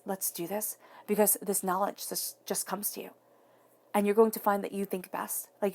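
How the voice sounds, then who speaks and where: A woman giving an earnest, encouraging tarot reading to viewers, repeating phrases for emphasis. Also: mid-range voice. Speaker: tarot reader.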